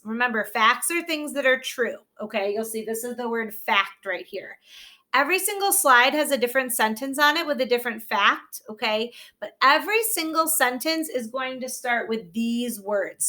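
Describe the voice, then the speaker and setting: Bright, kinda high-voiced lady teacher doing a slow reading lesson for little kids, sounds words out, lots of "okay?". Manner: patient, checks in with frequent "okay?"; sounds out words slowly syllable by syllable. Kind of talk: reading lesson for young children.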